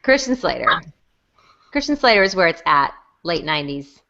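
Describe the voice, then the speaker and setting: A woman chatting casually as a podcast host, jokey and full of quick asides. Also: fairly low pitch, sing-song, vocal fry, pushed and bright. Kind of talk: casual chat. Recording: dull lo-fi recording.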